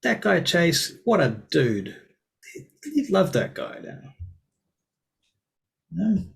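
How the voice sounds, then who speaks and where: Gravelly male game master. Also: fairly high pitch, sing-song, very slow, rough recording. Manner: casual, rambling, swears freely. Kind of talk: narrating a tabletop game.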